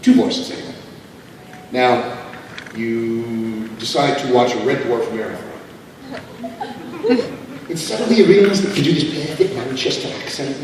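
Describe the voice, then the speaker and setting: A man speaking as a guest on a convention panel, answering audience questions in an animated, joking way. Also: mid-range voice. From Canada. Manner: animated, joking, quick asides. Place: large convention hall. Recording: echoey hall from far off with ambient noise.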